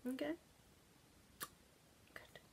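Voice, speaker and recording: A woman from England chatting playfully about perfumes, gushing and now and then dropping into soft whispers. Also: drawn-out words. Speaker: perfume vlogger. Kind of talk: chatty vlog.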